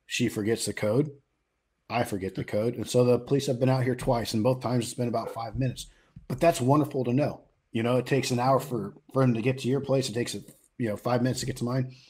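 A man's voice: medium pitch, fairly even intonation, fairly quick, mellow, husky. A middle-aged man from the US West Coast co-hosting a podcast, talking casually with frequent fillers and restarts. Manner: conversational, many fillers and restarts. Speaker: podcast co-host. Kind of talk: casual chat.

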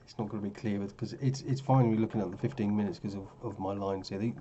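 A man's voice: on the low side, fairly even intonation, fast, mellow, highs cut off, a little hiss or hum. A tired man talking casually through his trading charts, rambling and correcting himself as he goes. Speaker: forex trading vlogger. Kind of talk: casual screen-share commentary.

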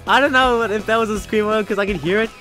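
A man giving playful let's-play commentary at a desk mic, giggling and shouting with excitement as he plays. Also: sits high, fast, soft background music. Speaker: gaming youtuber. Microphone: desk microphone with headphones.

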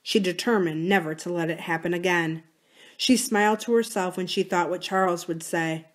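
A woman, a library book reader, narrating a novel aloud calmly and steadily. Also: lowish voice.

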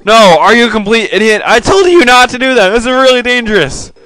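A man voicing a shrill, bossy penguin housewife who scolds and shrieks in a frantic, high falsetto. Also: moderate pace, sharp tone, soft background music. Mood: scolding.

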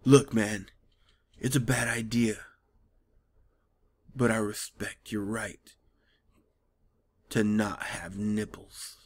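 A man in the middle of a casual vlog rant, his voice sitting at an ordinary pitch. He sounds exasperated and mocking, swinging between jabs and rambling restarts. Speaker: comics vlogger. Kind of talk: casual ranting commentary.

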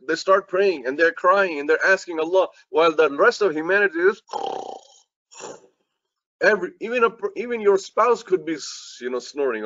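A man's voice: fairly high pitch, fairly bright tone, dry recording, highs cut off. A man preaching as an imam in an earnest, repetitive sermon that speaks straight to his listeners.

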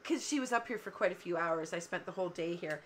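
A fast-talking woman with a fairly low voice chats casually on a cardmaking livestream from her work table at home, with a little hiss or hum present. She's a rambling storyteller who laughs often as she crafts.

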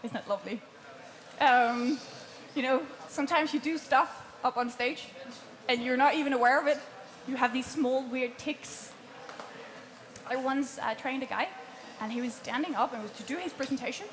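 High-voiced lively woman coach. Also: moderate pace, pauses often. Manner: lively, chatty, laughs often. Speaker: presentation coach. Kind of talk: workshop teaching.

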